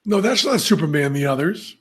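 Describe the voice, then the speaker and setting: A man hosting a podcast, telling stories in a casual, animated way and laughing at his own anecdotes. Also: a little high, a little fast, slightly rough. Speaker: podcast host. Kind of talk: casual storytelling chat.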